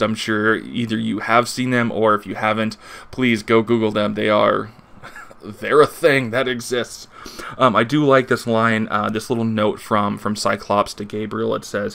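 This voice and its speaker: A man's voice: lowish voice, creaky, a bit bright. A man reviewing a comic book in a casual, rambling way, with plenty of fillers and restarts as he reads passages aloud.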